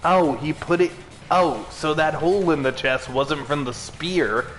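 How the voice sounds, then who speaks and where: A man's voice: a little high, a little slow, fairly bright tone, soft background music. A man hosting a let's play, making casual, teasing commentary with joking asides.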